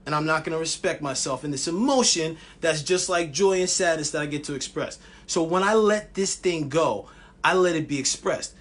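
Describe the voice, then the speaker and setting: A man vlogging a personal wellness story, passionate and animated, with frequent restarts. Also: a little high, a little fast.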